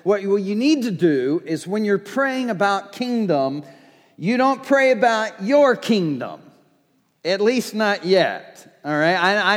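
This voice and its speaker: A man's voice: high-pitched, expressive, slow pace, big-room sound. A man preaching a sermon as pastor, emphatic and driving his points home with repeated declarations.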